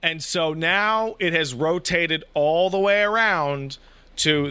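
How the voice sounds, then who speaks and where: A man in his thirties, a podcast co-host, telling a family story in casual chat, animated and swearing freely. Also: fairly high pitch, takes it slowly, smooth, no echo.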